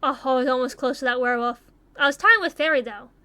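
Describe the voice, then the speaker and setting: A young woman chatting casually as she takes online quizzes, swearing freely and thinking out loud. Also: high voice, quick pace, clean tone. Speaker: YouTuber taking online quizzes. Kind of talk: casual commentary while playing.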